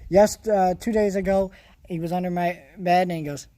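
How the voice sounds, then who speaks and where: A man's voice: high-pitched, fairly even intonation, normal speed, very noisy. A man from California rambling casually in a vlog, with many restarts and fillers. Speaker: vlogger.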